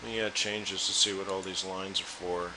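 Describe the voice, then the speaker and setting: A man's voice: sits low, little pitch movement, a little fast, noisy background. A man hosting a live trading webinar, chatting loosely and talking straight to his viewers. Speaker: forex trading room host.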